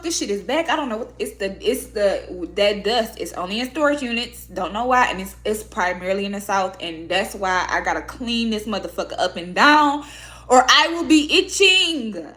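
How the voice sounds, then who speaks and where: A woman vlogger with a voice on the high side and a fairly bright tone chats casually with viewers. She's blunt and curses a lot, speaking emotionally and from the heart about her own life.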